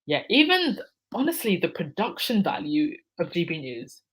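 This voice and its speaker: A woman's voice: fairly low pitch, very animated, normal speed, a bit bright, husky, rough recording. A woman hosting a casual live stream, reading out viewer comments and answering them by name, laughing often. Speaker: livestream host reading chat.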